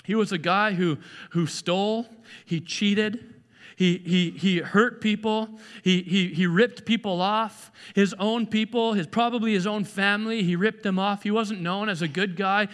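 A pastor with a high-pitched voice preaches a little slowly in an echoey hall. His sermon is conversational and animated, with frequent restarts and repeated words. He also acts out the voices of people he quotes.

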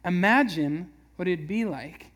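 A man with a high voice preaches in a relaxed, chatty way. He slips into quick little voices to act out everyday scenes. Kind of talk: casual sermon.

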